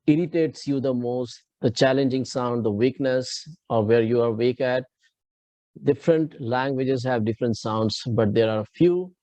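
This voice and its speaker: A man's voice: mid-range voice, a little mellow, no echo. A man with an Indian English accent teaching pronunciation in a live online class, explaining step by step and checking in with his students. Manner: explains slowly with frequent restarts, checks understanding with students.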